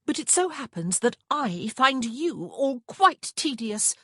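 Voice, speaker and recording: A cross, moody young lady in a storybook reading, as a woman narrator puts her on, pitched a touch higher than the narrator's own voice. She snaps back with peevish, sniffing retorts, her tone breathy and close. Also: sing-song, slow pace, sharp tone, no echo, full character voice. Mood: sulky.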